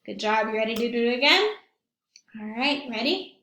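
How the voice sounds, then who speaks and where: A woman's voice: fairly high pitch, expressive, normal speed, sharp tone, echoey room. A woman leading a children's library story time, with encouraging talk and little sing-song rhymes. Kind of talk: children's song and movement session. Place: at home, recorded remotely.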